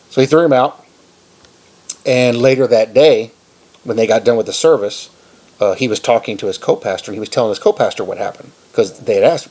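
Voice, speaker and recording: Man, raspy, mid-pitched, rambling storytelling sermon. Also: fairly quick. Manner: rambling, conversational, relaxed retelling. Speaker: Christian video preacher.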